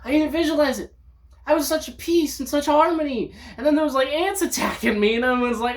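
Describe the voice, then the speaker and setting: High-voiced woman vlogger, rambling. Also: a little fast. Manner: upbeat, rambling, loud sudden outbursts when acting out quotes. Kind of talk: rambling casual monologue.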